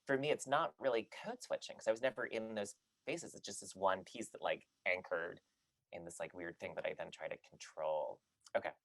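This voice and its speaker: Deep-voiced man, casual and then reading. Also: gravelly, no echo. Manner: chatty, many fillers and restarts in talk, measured when reading. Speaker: podcast panelist reading a poem aloud. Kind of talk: casual chat and poetry reading.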